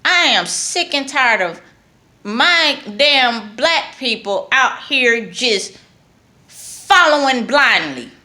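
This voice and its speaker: New york lady vlogging a heated rant, slow deliberate delivery, repeats herself for emphasis. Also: high voice, expressive, bright, forceful tone. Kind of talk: impassioned political rant.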